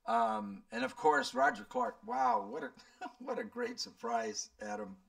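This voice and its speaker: A man's voice: extremely high pitch, huge pitch swings, measured pace, creaky, fairly bright tone, distant mic. A man in his seventies, a channel host, rambling and thinking aloud as he answers viewer questions. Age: 70s. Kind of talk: casual Q&A chat.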